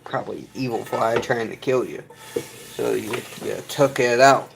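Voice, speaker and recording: A man's voice: mid-range voice, moderate pace, gravelly, noisy background. A man chatting casually with his viewers, rambling with fillers and restarts. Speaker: video creator reading chat. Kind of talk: casual live chat.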